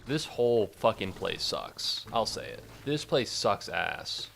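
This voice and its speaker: A man's voice: on the low side, expressive, takes it slowly, vocal fry, fairly bright tone. A man giving casual, foul-mouthed commentary as he plays a game, talking to the creatures on screen and to his chat. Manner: chatty, swears freely, talks to game creatures; talks to chat between bouts of play. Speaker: gaming streamer.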